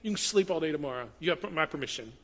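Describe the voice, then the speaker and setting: A pastor delivers a sermon at a quick pace in a bright, forceful voice pitched a little high. His animated delivery swings between loud emphasis and quiet, close asides, and a long reverb makes it sound like a large church hall.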